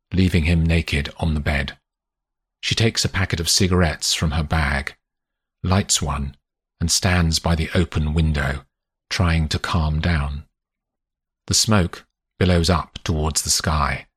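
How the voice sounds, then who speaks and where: A man narrating an audiobook in a measured, lilting storytelling manner. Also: rumbling low, fairly bright tone, husky, no room sound, clean studio sound. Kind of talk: scripted narration.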